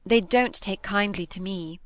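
A woman's voice: mid-range voice, measured pace, no room sound, close to an everyday voice. A woman reading aloud, voicing a witty, teasing young woman with an arch, playful manner. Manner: arch, playful, lightly scornful.

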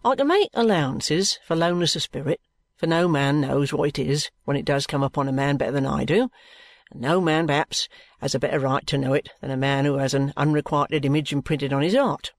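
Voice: mid-range voice, fairly quick, no echo, close to an everyday voice. A reader voicing a pompous, touchy young male law clerk who protests at length in flowery, wounded terms. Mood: aggrieved. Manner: wordy, injured remonstrance.

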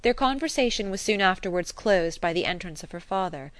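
A woman reading a classic novel aloud as narrator, measured and expressive. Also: fairly low pitch, dry recording. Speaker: audiobook narrator. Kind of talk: scripted narration.

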